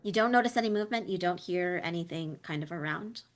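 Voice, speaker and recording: A woman narrating as game master of a tabletop role-play, describing scenes with frequent ums and pauses. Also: on the low side. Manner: descriptive, hesitant with many ums.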